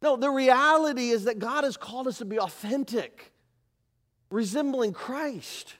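A man preaching a sermon as pastor, animated, moving from loud emphasis to quiet asides. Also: very high voice, measured pace. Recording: live church service.

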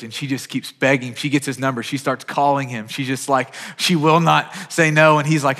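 A man's voice: on the high side, steady tone, normal speed, few pauses, fairly bright tone. Earnest male pastor in a reverberant hall. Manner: earnest, repeats words when starting phrases, rising to urgent peaks. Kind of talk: sermon.

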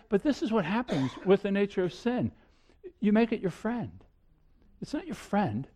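Man, middle-aged, pastor, high voice, sermon, earnest, swings between loud and quiet. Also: big pitch swings, moderate pace. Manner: earnest preaching with repetitions and sudden shifts in loudness.

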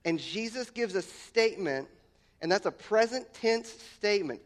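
A man with a high, light voice delivers a sermon. He leans on repetition and lifts his voice to stress key phrases, often restarting his words mid-thought. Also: lively intonation, normal speed. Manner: emphatic, repeats words, voice rises on key lines. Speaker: pastor.

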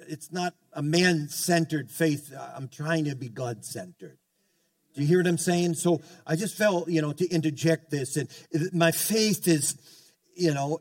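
A man's voice: fairly high pitch, dry recording, distant mic. A man preaching a sermon as pastor, fervent, calling out to the congregation and often restarting his sentences. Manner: fervent preaching with call-outs and many restarts.

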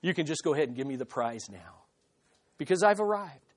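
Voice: mid-range voice, expressive, brisk, slightly rough, voice pushed down. A preacher voicing a smug, self-righteous Pharisee man boasting in prayer in a sermon. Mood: boastful. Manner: pompous, boastful.

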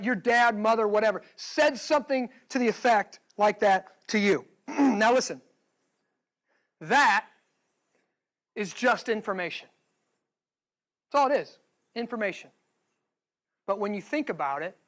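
Man, very high voice, pastor's sermon, emphatic, rhetorical questions. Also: a bit bright, rough recording.

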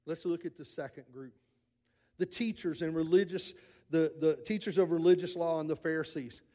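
Man, high-pitched voice, earnest sermon, shifts between loud and hushed, repeats words for emphasis. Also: steady tone, normal speed. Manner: earnest preaching, swinging between raised and hushed delivery. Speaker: pastor.

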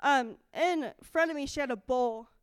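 A young adult woman giving an excited, animated testimony in a church service, acting out her own quoted dialogue. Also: high voice, moderate pace, dry recording. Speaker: church speaker.

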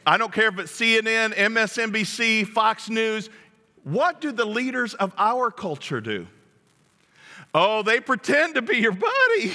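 Lively, high-voiced preacher in a big hall. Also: male voice. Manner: jokey, animated, acts out quotes. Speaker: pastor. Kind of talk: sermon.

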